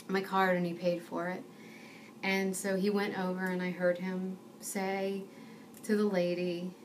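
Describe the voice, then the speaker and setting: A woman's voice: fairly low pitch, recorded from a distance, slight background noise. Earnest woman telling a faith story. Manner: earnest, animated, self-deprecating. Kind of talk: personal testimony storytelling.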